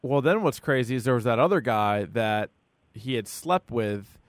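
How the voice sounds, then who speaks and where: A man's voice: mid-range voice, lively intonation, moderate pace, no echo. A man co-hosting a podcast, chatting casually and acting out what people said, with lots of "like". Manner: chatty, peppered with "like", acts out quotes. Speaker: podcast co-host. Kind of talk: casual chat about a true-crime series.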